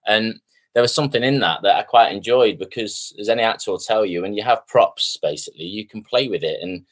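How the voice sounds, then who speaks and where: Male actor guest, low-ish register, easygoing self-deprecating storyteller. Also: a little fast. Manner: chatty, self-mocking storyteller, lively quoting. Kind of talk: casual interview chat.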